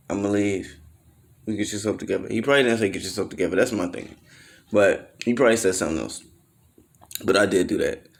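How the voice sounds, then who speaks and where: Low-voiced man telling a loose story. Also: vocal fry. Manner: loose slangy storytelling, acts out quotes in raised voices; swears freely, trails off with fillers. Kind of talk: casual storytelling monologue.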